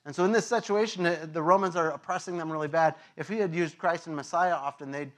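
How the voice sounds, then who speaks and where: A male pastor preaching a sermon, telling an animated story that acts out voices and sound effects, with many fillers and laughs. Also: fairly high pitch, quick pace.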